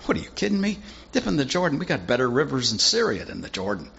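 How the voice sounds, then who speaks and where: A man's voice: medium pitch, very animated, fast, creaky, a bit bright, highs cut off. A male preacher voicing a proud foreign military commander, talking casually in modern slang. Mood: indignant.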